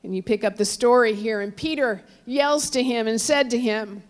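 A woman preaching a sermon, telling a story with sudden swings between raised cries and hushed, low passages. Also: normal speed, hardly any pauses. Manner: storytelling, dramatic swings from loud cries to hushed near-whispers; quotes figures in raised voices, drops low and soft on God.

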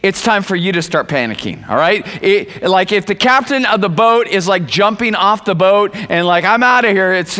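Animated male pastor in a reverberant hall. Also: sits high. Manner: animated, acts out quoted voices. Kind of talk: sermon. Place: church.

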